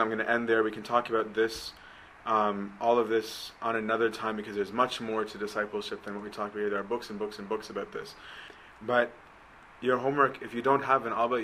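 A man teaching a church class in a bright, forceful voice. He moves from reading a text aloud to explaining it in plain everyday talk, often checking in with a quick "right?". When he urges his listeners on, he turns earnest and emphatic, and a faint hiss sits under the voice. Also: mid-range voice, low-quality recording. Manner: reads a passage aloud, then explains it informally with frequent "right?". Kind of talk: conversational religious teaching.

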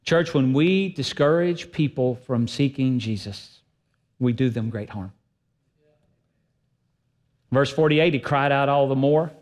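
A man preaching a sermon as pastor, emphatic and swinging between loud and soft delivery. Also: medium pitch, slow, pauses often.

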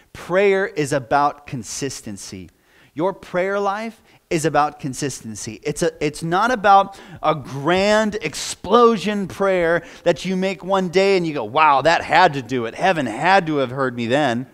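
A pastor in his thirties preaching a sermon in a conversational way, joking with the congregation. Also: a little high.

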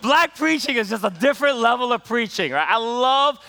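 A man's voice: extremely high pitch, animated, moderate pace, gravelly, bright, forceful tone. A man preaching a sermon, telling a story in a conversational way, with many fillers and questions to the congregation. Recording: reverberant hall sound.

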